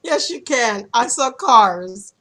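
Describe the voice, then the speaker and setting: A woman's voice: a little high, expressive, slow pace, sharp tone. An American woman announcing at an improv comedy show, slangy, playful and hammy. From United States.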